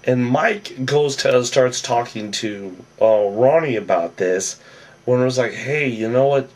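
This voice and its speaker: A man's voice: mid-range voice, measured pace, distant mic. Rambling man recapping a reality show. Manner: rambling, with a habit of "on that"; acts out the quoted lines in a raised, louder voice. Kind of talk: casual episode recap.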